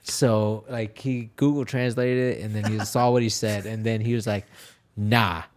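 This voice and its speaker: A man's voice: fairly low pitch, little pitch movement, normal speed, warm tone. A man from Texas, a fighter and podcast guest, chatting casually, swearing freely and laughing through his stories. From Houston, Texas. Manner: profane, laughing storyteller.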